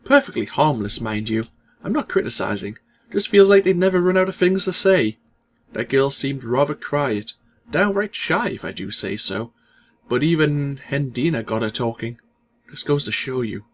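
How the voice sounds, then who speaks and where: A man's voice: mid-range voice, expressive, moderate pace, natural voice. A man voicing a portly, smiling village shopkeeper who is folksy, gossipy and opinionated, as he reads game dialogue aloud.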